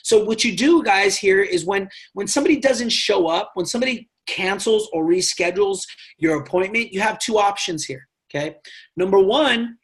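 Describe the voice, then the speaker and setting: A man leading a network marketing team training, talking in an animated way and checking in with his listeners again and again. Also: high-pitched, normal speed. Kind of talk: motivational team training talk.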